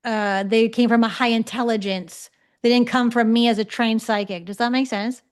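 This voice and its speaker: A woman's voice: fairly high pitch, steady tone, normal speed, smooth. Chatty woman teaching an online class. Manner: conversational, checks in often with 'okay?'. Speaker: psychic development teacher. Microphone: video call.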